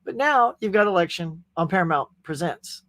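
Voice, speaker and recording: A man's voice: high-pitched, expressive, moderate pace, bright, forceful tone, no room sound. A man hosting a casual live stream, chatting energetically and greeting viewers by name. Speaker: host. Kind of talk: casual livestream chat.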